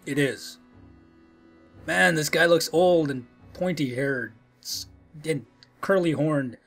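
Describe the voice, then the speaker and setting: A man's voice: fairly high pitch, slow, gravelly, pauses often, a bit bright. A young man casually commenting as he plays a video game, now and then reading the dialogue aloud in put-on voices. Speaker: let's play host. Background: game music.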